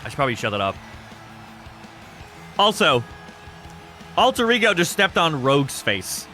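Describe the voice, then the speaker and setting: A man in his thirties hosting a game stream, chatting casually and answering chat in a rambling, self-described monotone. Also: a little high, normal speed, long pauses, soft background music. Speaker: streamer hosting an e-fed wrestling show.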